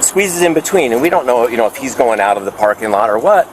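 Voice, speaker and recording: A man's voice: mid-range voice, lively intonation, fast talker, distant mic. A man who is a former police officer, indignantly retelling a confrontation to police outdoors at a drive-thru, caught on a body camera. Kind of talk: account to police. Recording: bodycam audio with street noise.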